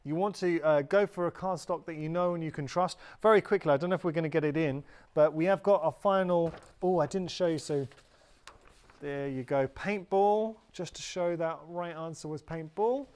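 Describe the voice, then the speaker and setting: A man's voice: fairly high pitch, normal speed, a little mellow, clean tone. A British man presenting on a live shopping channel in a chatty, upbeat way, often correcting himself. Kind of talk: live TV sales pitch. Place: TV studio.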